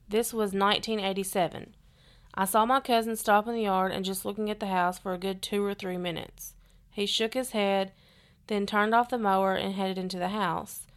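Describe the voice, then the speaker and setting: A woman reads eerie listener stories aloud on a podcast. Her voice sounds smooth and clear, and her delivery stays steady and earnest. Her pitch sits in the middle range. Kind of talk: reading stories aloud, casual chat.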